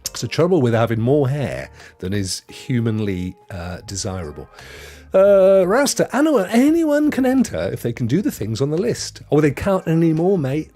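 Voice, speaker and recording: Chatty man hosting a live stream; very lively pitch, joking with chat, faint music behind. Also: moderate pace. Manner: chatty, jokey, reads chat aloud.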